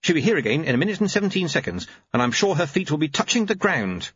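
A man voicing an eager, obsessive young clockmaker who talks quickly and earnestly, in a dull lo-fi audiobook recording. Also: a little high, very animated, fairly bright tone, breathy edge, voice pushed up, heavily acted. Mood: earnest, fussy.

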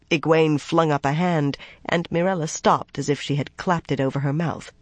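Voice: medium pitch, no echo. Dry-sounding audiobook narrator. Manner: measured, even storytelling. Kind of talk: scripted narration.

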